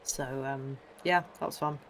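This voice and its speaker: A man with a fairly high voice, chatting casually on a live stream over a remote call. He tells stories with energy, slipping into the voices of the people he quotes. A faint hiss sits under him. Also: moderate pace. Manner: animated storyteller who acts out quoted people. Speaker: co-host and trumpet player.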